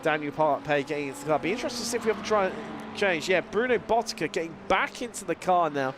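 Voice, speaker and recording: Man, sim racing commentator, slightly high voice, lingering cold, lively play-by-play, loud car engine noise underneath. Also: fast. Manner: lively play-by-play, fillers, restarts mid-sentence. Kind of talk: live race commentary. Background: racing car engine sounds.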